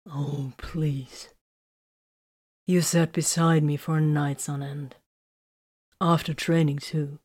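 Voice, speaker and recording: A woman reading a storybook, voicing a sarcastic, wounded young male soldier who mumbles low. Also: little pitch movement, slow pace, long pauses, a little mellow. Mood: bitter.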